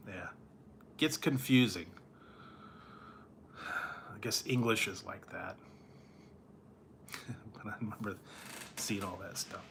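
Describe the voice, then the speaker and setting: Slow, bright-voiced tired man chatting. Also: lowish voice, vocal fry, slight background noise. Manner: rambling, chuckling often, drawn-out slow delivery. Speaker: food reviewer chatting with live viewers. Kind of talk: casual late-night livestream chat.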